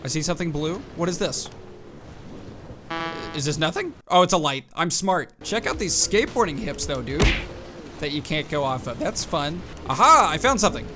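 A man's voice: on the high side, moderate pace. A man hosting a gaming channel, giving casual, jokey gameplay commentary and often saying "dude". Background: game music.

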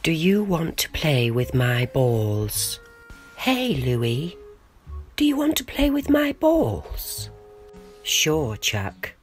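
A woman doing a goofy puppet boy, very deep. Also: huge pitch swings, extremely slow, soft background music, heavily acted.

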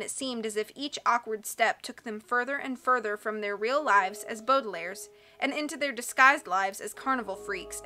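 Woman audiobook narrator, higher pitch, expressive storytelling. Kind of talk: audiobook reading.

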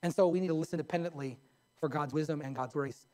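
A man's voice: on the high side, quick pace, a little mellow. A man preaching a sermon from the pulpit in a church, telling stories in a folksy, colloquial way. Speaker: pastor. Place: church sanctuary.

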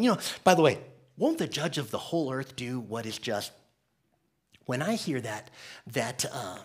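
A man's voice: mid-range voice, husky. A man from the United States preaching a conversational, joking sermon as pastor.

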